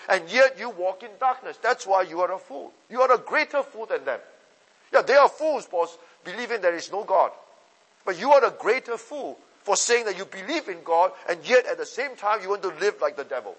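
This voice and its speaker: A man preaching a sermon to young people, emphatic and repetitive, with his voice swinging from loud to soft. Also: high-pitched, breathy edge, in a large hall, poor audio.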